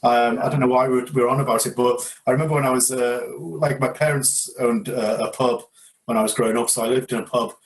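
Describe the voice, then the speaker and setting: A man's voice: medium pitch, fast. English male co-host, easygoing anecdote teller, plain mid voice. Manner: relaxed, storytelling with fillers. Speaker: podcast co-host. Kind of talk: casual storytelling chat.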